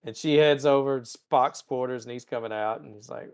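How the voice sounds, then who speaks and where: A man's voice: medium pitch, a little fast, clear, resonant tone. A man hosting a podcast, recapping TV episodes in a casual, irreverent and profane way and acting out the characters' lines. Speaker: podcast host.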